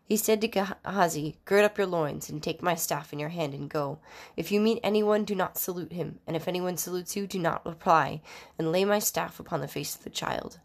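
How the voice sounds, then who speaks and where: A woman with a somewhat low voice reads scripture aloud. Her delivery is measured and formal, and she sometimes stumbles and restarts a word. It is an unhurried, plain recitation of scripture. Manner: measured, formal reading with occasional slips and restarts. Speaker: scripture reader. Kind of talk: Bible reading aloud.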